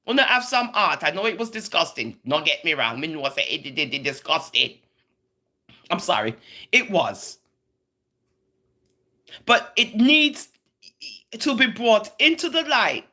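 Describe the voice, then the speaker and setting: A woman's voice: lowish voice, big pitch swings, a little slow, pauses often, bright, forceful tone. A middle-aged woman with a Jamaican accent in a casual monologue rant, emphatic and preachy, drifting between Patois and English. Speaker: vlogger.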